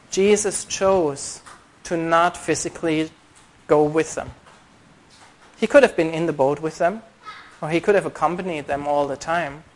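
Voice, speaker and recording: Earnest male preacher giving a sermon. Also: a little high. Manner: earnest, stresses key words by slowing down; reads scripture aloud in old-style wording.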